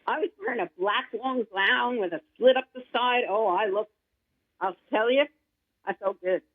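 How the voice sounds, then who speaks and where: A woman singer-songwriter chats as an interview guest, rambling from one thought to the next with eager excitement. Her voice comes through a thin, phone-like line. The sound is dry and close, with no room around it. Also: a little high, normal speed, no room sound. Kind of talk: casual interview chat.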